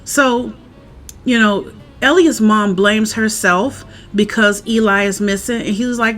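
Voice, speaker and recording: A woman, a parent, chatting casually outdoors in the wind as she recaps a TV episode and acts out the characters' lines with animated energy. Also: medium pitch, a little slow, soft background music. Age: adult parent. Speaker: show recap vlogger. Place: outdoors, windy.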